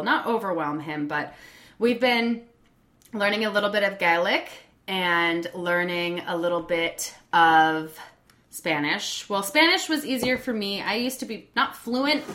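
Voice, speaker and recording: A woman's voice: medium pitch, a bit bright. An American woman chatting casually on her own show, rambling and restarting as she reads out viewer messages and laughs along. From United States. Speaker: streamer reading viewer messages.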